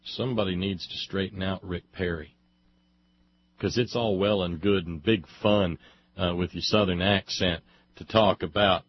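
A husky-voiced man delivers a fiery commentary monologue, stacking phrase upon phrase as his force builds. The voice sits at an ordinary middle pitch. It comes through a dull, muffled, lo-fi recording with a dry, close sound. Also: fairly even intonation, unhurried, dry recording. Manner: emphatic, building lists with rising force. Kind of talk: impassioned opinion monologue.

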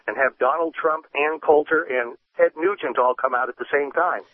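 A man phoning in to a radio talk show, joking in a somewhat halting way. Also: on the high side. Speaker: caller. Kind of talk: call-in chat. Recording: tinny phone line.

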